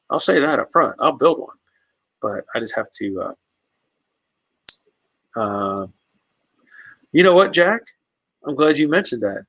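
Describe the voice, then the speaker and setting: A man's voice: medium pitch, fairly bright tone, breathy edge, no room sound, rough recording. A man hosting a casual live stream, answering viewers' comments in an easygoing, rambling way with many fillers and restarts.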